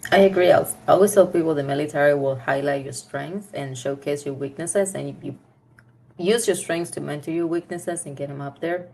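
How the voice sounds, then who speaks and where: Upbeat low-voiced woman guest. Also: a little fast, vocal fry, mellow. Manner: upbeat, laughs easily, candid advice. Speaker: podcast guest. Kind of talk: casual conversation.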